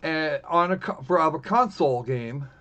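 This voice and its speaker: A man's voice: on the high side, animated, moderate pace, bright, forceful tone. A man hosting a live stream, chatting casually in a wry, rambling way and often correcting himself mid-sentence. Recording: muffled lo-fi stream audio.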